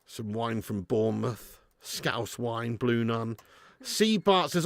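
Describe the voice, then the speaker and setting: A man hosting a live football watch-along, chatting casually, reading out viewer messages, and swearing loudly when his team concedes. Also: mid-range voice, takes it slowly, vocal fry, no echo. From England. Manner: excitable, swearing, chatty and laddish.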